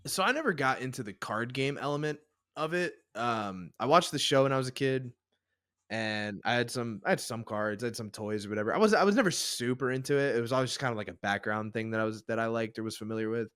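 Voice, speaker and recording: A man's voice: mid-range voice, lively intonation, fast talker, a bit bright, no echo, clean studio sound. A young man co-hosting a casual podcast, rambling and hedging as he talks. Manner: rambling, hedging with "like" and "I don't know". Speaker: podcast co-host. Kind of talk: casual chat.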